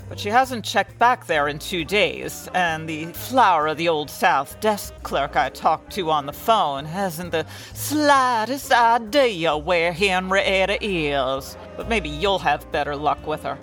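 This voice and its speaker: A woman playing a brisk, tactless client in the style of 1940s radio acting. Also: fairly low pitch, lively intonation, a bit bright, soft background music. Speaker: client hiring a detective.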